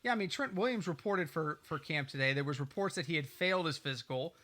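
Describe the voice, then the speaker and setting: A man with a fairly high, bright voice co-hosts a casual podcast. He chats and tells stories with quick asides. He talks into a desk mic in a small home studio. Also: lively intonation. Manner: chatty, storytelling, quick asides. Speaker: podcast co-host.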